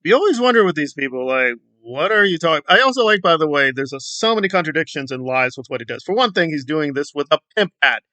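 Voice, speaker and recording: A man's voice: fairly high pitch, lively intonation, fast talker, few pauses, sharp tone, no room sound. A man hosting an opinion commentary channel, talking in a sarcastic, mocking tone full of rhetorical questions.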